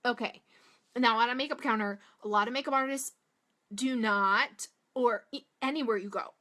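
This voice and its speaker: A woman's voice: a little high, normal speed, pushed and bright. A young woman from Massachusetts with a Boston-area accent, chatting casually through a makeup tutorial and rambling off on tangents with lots of "like". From Massachusetts, USA. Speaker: beauty vlogger.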